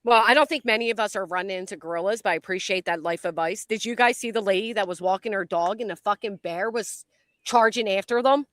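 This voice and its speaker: A woman's voice: mid-range voice, quick pace, a bit bright, no echo, clean studio sound. A woman hosting a casual stream chat, blunt and profane, reading comments from the chat.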